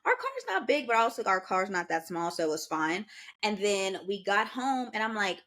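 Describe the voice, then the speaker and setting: Young American woman, podcast co-host, casual animated storyteller, mid pitch. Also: moderate pace. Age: young adult. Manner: animated, lively storytelling with quoted asides.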